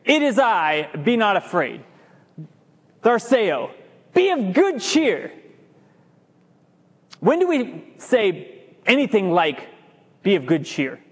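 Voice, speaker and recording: A male pastor with a very high voice delivers a lively sermon to his congregation. He lingers on the words he wants to land and trips over himself now and then. His voice rings through the long reverb of a church hall. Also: takes it slowly, pauses often, breathy edge. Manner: lively preaching, stretches key words, stumbles and restarts. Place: church sanctuary.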